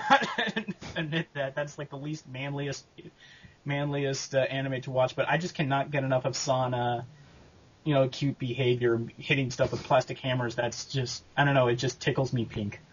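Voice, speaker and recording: A man answering interview questions about making his abridged series, talking casually and haltingly with lots of fillers and restarts. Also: mid-range voice, husky, highs cut off. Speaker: abridged series creator and voice actor.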